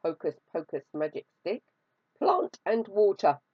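A woman's voice: mid-range voice, big pitch swings, measured pace, slightly rough, dry recording. A woman voicing a lazy, tricky male spider in a storybook read-aloud, chanting spells and turning frantic when he is in trouble. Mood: sly. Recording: dry, slightly dull recording.

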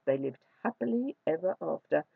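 A storyteller reading a fairy tale aloud in an expressive, drawn-out way, on a dry, dull recording. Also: medium pitch, gravelly, breathy edge, dry recording.

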